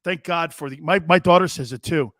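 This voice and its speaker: A man's voice: a little high, brisk, no room sound, clean studio sound. A man in his fifties hosting a sports talk show, telling boisterous, rambling anecdotes with emphatic restarts. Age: 50s. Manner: animated, emphatic storyteller.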